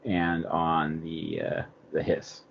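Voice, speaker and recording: A man's voice: very deep voice, completely flat delivery, slow pace, gravelly, muffled recording, slight background noise. A man from a fan outlet asking hesitant, filler-heavy questions on a video call. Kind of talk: casual roundtable Q&A.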